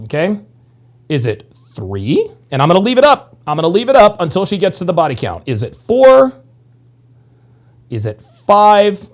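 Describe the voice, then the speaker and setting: Lively high-voiced man reacting. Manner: animated and crude, laughs loudly and talks fast in bursts. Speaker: reaction video host. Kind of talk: casual reaction commentary.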